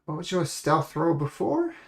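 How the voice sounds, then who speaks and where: A man's voice: on the high side, sing-song, normal speed, creaky. A man narrating as game master, rambling along with self-corrections.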